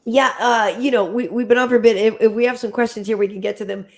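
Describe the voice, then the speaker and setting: A middle-aged woman hosts a loose, casual chat, laughing easily and nudging the talk back on course. Her voice sits somewhat high for a woman. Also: fairly even intonation, quick pace, darkish tone. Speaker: host.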